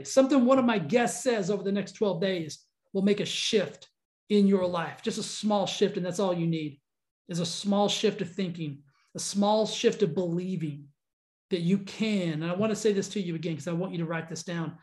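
A man with a high-pitched voice delivers an earnest motivational monologue as a podcast host. He speaks fervently, repeating phrases and restarting lines as he builds momentum. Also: normal speed, a little mellow.

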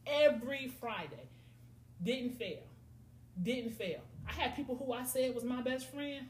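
Middle-aged woman as podcast host, animated storytelling, echoey room. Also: a little high, measured pace. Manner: animated storytelling, acts out friends' voices. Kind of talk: casual podcast chat. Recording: echoey room, faint noise.

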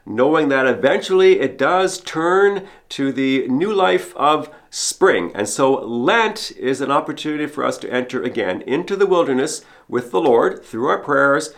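A man's voice: medium pitch, expressive, unhurried, hardly any pauses. Earnest man preaching a homily. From Canada. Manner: earnest, repeats a refrain for emphasis. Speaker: priest hosting a podcast homily. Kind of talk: sermon.

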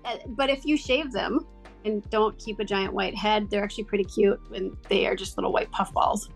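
A woman talking in a casual chat, chatty and animated with lots of fillers. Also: medium pitch, normal speed, creaky, faint music behind.

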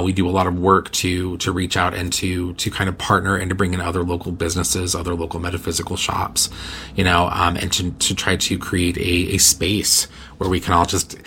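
Low-voiced rambling male podcast host. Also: fairly bright tone, a little hiss or hum. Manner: rambling, filler-heavy, self-mocking. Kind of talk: casual chat with announcements.

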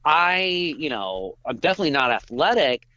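A man's voice: a little high, normal speed, no echo, lo-fi sound. A man being interviewed as a journalist, chatting casually and telling self-mocking stories while he acts out other people's voices. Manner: animated, self-mocking storyteller acting out quoted voices. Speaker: journalist guest.

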